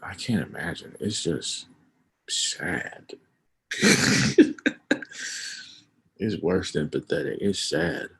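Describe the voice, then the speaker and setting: Casting: gravelly, husky, low-voiced man, casual livestream host, emphatic. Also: animated, drawn-out words, pauses often. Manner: emphatic, rising to loud outbursts. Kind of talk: casual opinion chat on a livestream.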